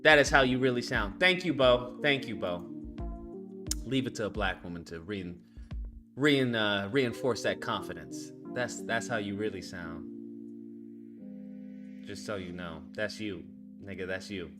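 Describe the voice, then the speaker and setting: A man hosting a call-in show, talking loudly and profanely, laughing and mocking as he goes. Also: on the low side, measured pace, pauses often, music in the background. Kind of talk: casual call-in commentary.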